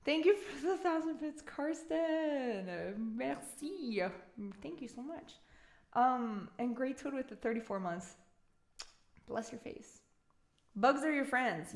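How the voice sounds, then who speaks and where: A woman's voice: fairly high pitch, echoey room. A woman with a Canadian accent, chatting casually with her live-stream chat in a giggly, talkative way. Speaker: music streamer.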